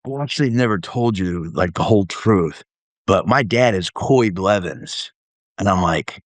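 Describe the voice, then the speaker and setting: A man's voice: lowish voice, animated, moderate pace, dry recording. A middle-aged man telling a long story in an interview, acting out the voices of the people he quotes. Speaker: podcast guest.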